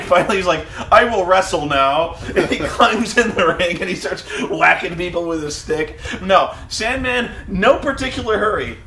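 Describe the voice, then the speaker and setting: A man co-hosting a podcast, telling wrestling stories in casual, profane chat and acting them out with shouted impressions. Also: sits high, echoey room. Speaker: podcast co-host.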